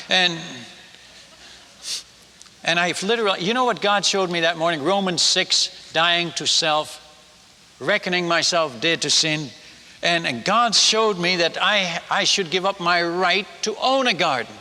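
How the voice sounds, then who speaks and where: A male preacher tells a sermon story in an animated, self-mocking way, often stumbling and starting over. His voice is very bright and cutting. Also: high-pitched, measured pace, in a large hall, a little hiss or hum. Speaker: missionary preacher.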